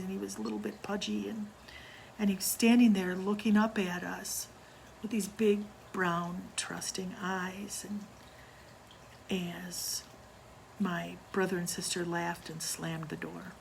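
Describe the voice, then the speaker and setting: An older woman telling a personal ghost story from her childhood, in a hushed, slow way that sometimes drops to near whispers. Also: mid-range voice, vocal fry, slight background noise, poor audio.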